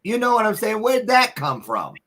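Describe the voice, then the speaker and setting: A man's voice: high voice, wildly swooping pitch, normal speed, a bit bright. A man in his sixties hosting an interview, asking eager follow-up questions. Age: 60s. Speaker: podcast host. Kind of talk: interview conversation.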